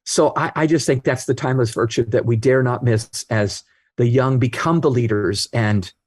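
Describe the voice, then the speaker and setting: A man in his sixties talks earnestly, spinning anecdotes and acting out the people in them. His voice sits in a middle pitch, recorded close with a dry sound. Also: normal speed, no room sound. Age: 60s. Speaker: guest author. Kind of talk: storytelling interview talk.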